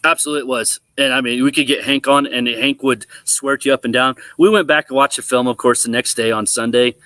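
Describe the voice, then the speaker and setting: A middle-aged man spins a sports yarn with animated energy, acting out every quoted line. His pitch sits in an ordinary middle range. The sound is dry and close, with no room around it. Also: fast talker, dry recording. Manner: animated storyteller, acts out quotes. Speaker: former college quarterback, guest. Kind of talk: casual storytelling on a sports talk show.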